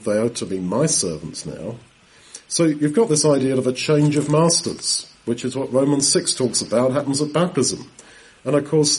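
Husky-voiced man preaching conversationally. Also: medium pitch, darkish tone. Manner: asks rhetorical questions, clears throat often. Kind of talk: conversational Bible teaching.

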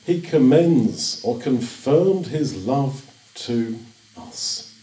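A man's voice: mid-range voice, animated, drawn-out words, dark tone. An older man preaching a sermon in an earnest, reassuring way, often repeating his phrases. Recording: echoey room, distant mic.

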